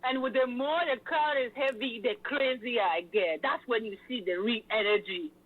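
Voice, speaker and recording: A woman's voice: fairly high pitch, normal speed. Hyped-up woman MC on a tinny line. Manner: animated, hyped storytelling with many fillers. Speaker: event host and MC. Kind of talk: lively interview chat.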